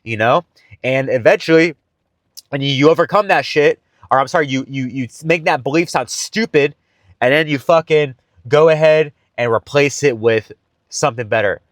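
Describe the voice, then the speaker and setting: A young man talks straight to his viewers in a loose, profane pep talk about dating, leaning on "bro" and "guys" like he's coaching a friend. His voice sits at an ordinary middle pitch. The sound is dry and close, with no room around it. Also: normal speed, dry recording. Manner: blunt, profane, buddy-style, calls listeners bro and guys. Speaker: dating advice vlogger.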